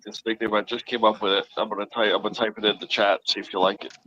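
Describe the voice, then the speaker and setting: A man hosts a casual live chat, easygoing and teasing, circling back to repeat his points. His voice sits fairly low, with a faint hiss underneath. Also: flat delivery, rapid-fire, bright, forceful tone, lo-fi sound.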